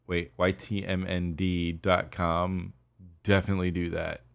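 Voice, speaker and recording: Low-voiced male podcast co-host; loose, swearing, laugh-prone banter. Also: flat delivery, gravelly, smooth. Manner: joking, swearing, laughing, tosses in quick silly impressions. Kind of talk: casual chat.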